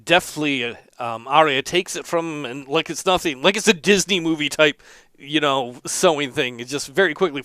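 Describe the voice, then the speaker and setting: Game master, man, bright clear tone, dry close mic, casual narration. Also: on the high side, fairly quick, no room sound. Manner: casual, chatty narration with fillers. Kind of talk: narrating a tabletop roleplay game.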